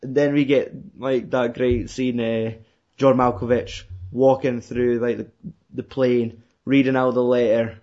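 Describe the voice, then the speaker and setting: A man's voice: medium pitch, little pitch movement, unhurried, a little mellow. A man chatting casually about a film, rambling and swearing, laughing often and acting out quotes. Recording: muffled lo-fi recording.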